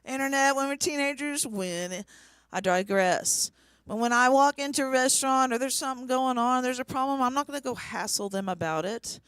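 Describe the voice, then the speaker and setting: Smooth-voiced woman telling stand-up stories. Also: high-pitched, moderate pace, fairly bright tone, dry recording. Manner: conversational storytelling with dry punchlines. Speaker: stand-up comedian. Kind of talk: stand-up set. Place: small comedy venue.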